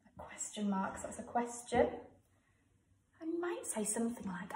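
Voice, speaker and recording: English teacher in an echoey room. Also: female voice, a little high, animated, distant mic. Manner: slow, sounds words out letter by letter. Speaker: primary school teacher. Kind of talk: home-learning writing lesson for young children.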